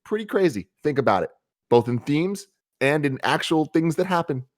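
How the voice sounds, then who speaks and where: A man's voice: on the high side, animated, moderate pace. A man on a podcast, bantering and teasing his co-hosts. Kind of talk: casual podcast chat.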